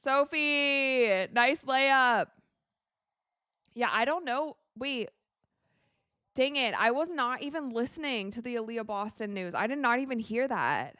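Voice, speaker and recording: Female watch-along host, excitable and talkative, unhurried delivery, thanks viewers on air. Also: a little high, clear, resonant tone, no room sound, clean studio sound. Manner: excitable, cries out and laughs at plays; thanks viewers for donations and answers their questions. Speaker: livestream host reacting to a basketball game. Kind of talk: casual live watch-along commentary.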